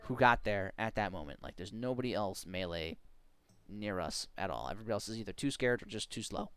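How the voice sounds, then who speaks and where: Animated streamer telling a gaming story. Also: sits low, brisk, clean tone. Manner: animated, laughing, acts out quotes. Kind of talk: casual storytelling on a live stream.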